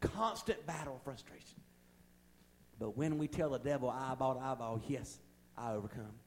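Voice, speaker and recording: A man preaching a fervent sermon in a church. He talks in a folksy, plain-spoken way with humorous asides, and his delivery swells from quiet passages to loud ones. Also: medium pitch, moderate pace. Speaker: pastor.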